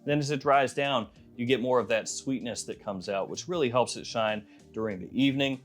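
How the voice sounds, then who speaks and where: A man's voice: mid-range voice, brisk, faint music behind. Chatty man reviewing fragrances with a Southern accent. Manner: chatty, easygoing, muses aloud. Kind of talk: casual review vlog.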